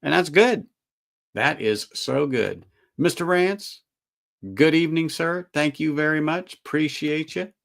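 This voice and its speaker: A man's voice: fairly high pitch, unhurried, creaky. A middle-aged man hosting a casual whiskey livestream, rambling in a folksy way and answering viewers' comments. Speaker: whiskey channel host.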